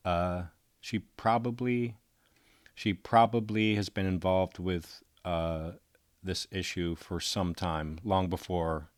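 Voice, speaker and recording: A man's voice: low-pitched, fairly even intonation, slow pace, no room sound, clean studio sound. A man commenting on a video clip, thinking aloud in a musing, tentative way and often correcting himself.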